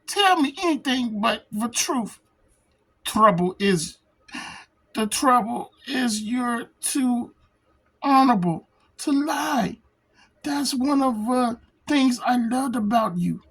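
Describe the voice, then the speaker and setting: A woman's voice: a little high, animated, takes it slowly, husky, heavily acted, low-quality recording. A woman reading aloud the lines of a heartbroken young woman hero, in a raised, plaintive voice. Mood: hurt, pleading. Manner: reading comic dialogue aloud.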